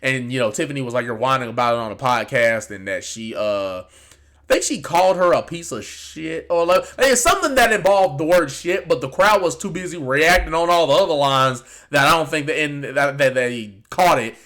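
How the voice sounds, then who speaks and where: Bright-voiced man rambling about wrestling. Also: fairly high pitch, expressive, normal speed. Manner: rambling, conversational, many fillers and restarts. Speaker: wrestling commentary YouTuber. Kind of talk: casual reaction talk.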